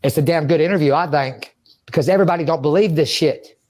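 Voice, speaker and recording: A man's voice: a little high, quick pace, a little mellow. A man speaking in an interview, rambling and agitated, swearing and talking to himself. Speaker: interview subject. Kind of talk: emotional interview monologue.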